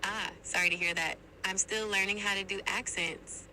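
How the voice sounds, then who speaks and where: Played over a phone speaker amid background noise, a synthetic woman's AI assistant voice chats upbeat, friendly and polite. Her medium pitch is steady and her pace normal, with a bright, forceful tone, and the audio quality is poor.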